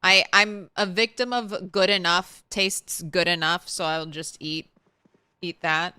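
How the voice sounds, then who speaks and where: A woman's voice: lowish voice, fairly even intonation, a little slow, bright, forceful tone, smooth, no room sound. A woman from the Southern United States streaming a game and chatting with her viewers in a blunt, talkative way, swearing and laughing now and then. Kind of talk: casual chat while streaming a game.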